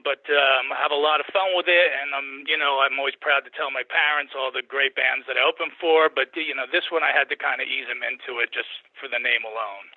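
A man's voice: medium pitch, no room sound. A male comedian co-hosting over the phone, easygoing and joking with many fillers. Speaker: comedian co-host. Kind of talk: casual phone interview. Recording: dry tinny phone line.

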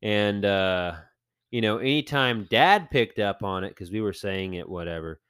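A man co-hosting a podcast, telling animated, rambling stories in casual chat with lots of fillers. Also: on the low side, measured pace, clear, resonant tone, no echo, clean studio sound. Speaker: podcast co-host.

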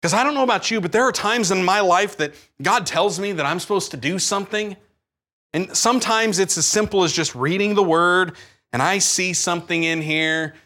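A man preaching a sermon, animated, acting out his own pleading prayers. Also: high voice, normal speed. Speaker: pastor.

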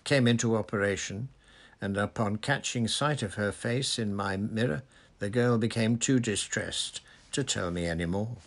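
A man's voice: on the low side, normal speed. A man reading aloud, voicing a cruel middle-aged woman official who talks in a prim, sugary, simpering way.

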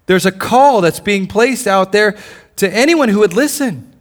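Male pastor, higher-pitched voice, passionate sermon delivery, rhetorical questions, stumbling restarts. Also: moderate pace. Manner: impassioned preaching with repeated questions and stammered restarts. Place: church service.

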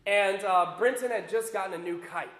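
A pastor, a man with young children, giving an emphatic, animated sermon mixed with a personal story. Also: high-pitched, normal speed. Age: adult with young children. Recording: roomy echo.

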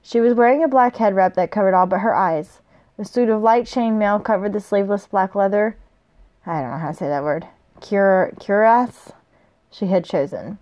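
A woman's voice: medium pitch, lo-fi sound. A woman reading a fantasy novel aloud, stopping now and then to trip over a word or laugh and chat about the story. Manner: stumbles on hard words, laughs through her comments. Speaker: reader of a novel.

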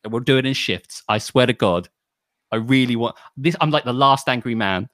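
A man's voice: medium pitch, moderate pace, a bit bright, no echo, clean studio sound. A man co-hosting a casual podcast, ranting with mock outrage and frequent swearing. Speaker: podcast co-host.

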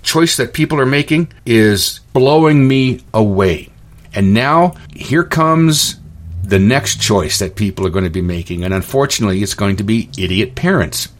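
A man's voice: lowish voice, lively intonation, moderate pace. Indignant ranting man. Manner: indignant, repetitive, stammering restarts. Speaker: podcast host and store owner. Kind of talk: ranting monologue.

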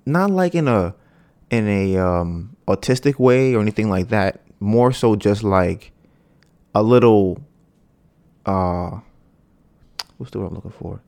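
A podcast host spins a long story in loose, slangy speech with frequent fillers. Animated throughout, he voices the characters' quoted lines, raising his pitch as he acts them out.

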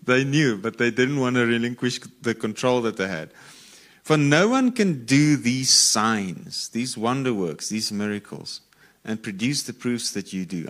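A man teaching from the Bible, reading verses aloud and then explaining them in a relaxed, conversational way. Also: fairly low pitch. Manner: reads scripture aloud, then explains it informally with asides. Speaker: preacher.

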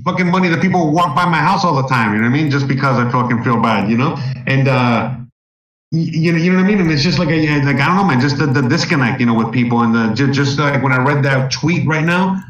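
A man's voice: mid-range voice, fast, fairly bright tone, roomy sound, distant mic, dull audio. A man ranting in casual chat at home, heated and profane with many fillers. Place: home in Mexico.

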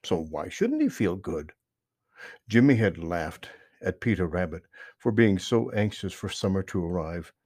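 A man narrating a children's book aloud, with expressive storytelling and lively emphasis. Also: fairly low pitch, dry recording, studio quality.

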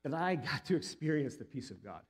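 A man's voice: medium pitch, very animated, fairly quick, breathy edge. A male pastor in his thirties or forties giving a sermon, telling a personal story earnestly and building to emphatic peaks.

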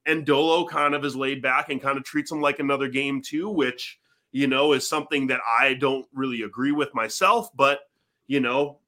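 A man's voice: medium pitch, normal speed, bright, forceful tone. A man co-hosting a casual sports podcast, rambling through his points with lots of "you know". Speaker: podcast co-host.

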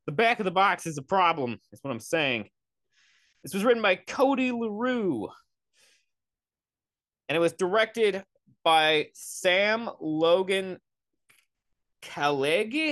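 A man's voice: on the high side, bright, forceful tone, no echo. A young man hosting a podcast, ranting in a sarcastic, profane, rambling way into a close mic. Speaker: podcast host. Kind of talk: comedic solo rant.

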